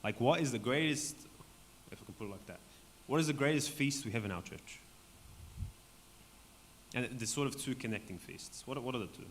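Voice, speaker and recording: A man leading a Bible study for a group in a church hall, talking conversationally and often checking in with "right?", his voice going hoarse. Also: medium pitch, normal speed, long pauses. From Australia. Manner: conversational, keeps asking "right?". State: voice going hoarse, clearing throat. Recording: long hall reverb, faint background noise.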